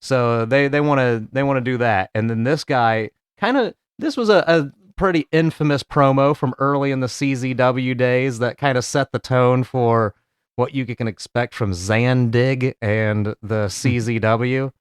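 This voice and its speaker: A young man hosts a reaction show in a loose, joking chat, his pitch sitting in the middle. The sound is dry and close, with no room behind it. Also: unhurried, clean tone, no echo. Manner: joking, laughing, mocking impressions. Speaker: host. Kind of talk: casual reaction commentary.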